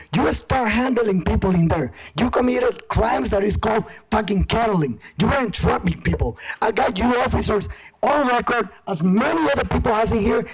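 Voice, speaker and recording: A man with a high voice and a husky edge gives an accusatory public comment. He speaks heatedly and swears as he lists his complaints into a podium microphone. The sound is of a public meeting chamber. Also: low-quality recording. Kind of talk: angry public comment speech.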